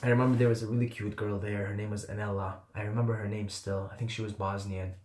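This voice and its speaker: A young man from the Middle East, whose first language is not English, telling his own story in a casual, animated, self-mocking way and swearing freely. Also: fairly low pitch, quick pace, reverberant. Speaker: vlogger.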